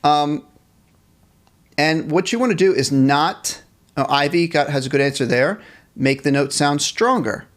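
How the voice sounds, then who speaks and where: Speaking at a measured pace with frequent pauses, a man with a slightly high voice runs a live-streamed band lesson. He covers instrument technique, responds to viewers' chat messages, and counts off rhythms so they can play along.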